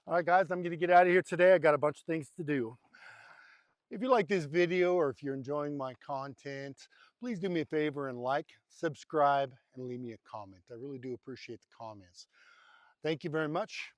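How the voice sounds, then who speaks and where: A man casually narrating to camera at a farm cattle pen. He rambles and coaxes the animals in a soft voice. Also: on the high side, brisk, dry recording. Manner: rambling and chatty, coaxing the animals softly. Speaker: homestead vlogger. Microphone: handheld or nearby camera mic.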